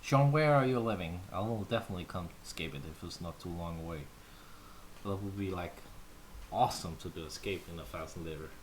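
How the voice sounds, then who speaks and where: A man's voice: low-pitched, a little fast, slight background noise. A Danish man, whose first language is Danish, chatting casually with viewers as a livestream host, playful and full of fillers. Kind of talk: casual chat answering viewers.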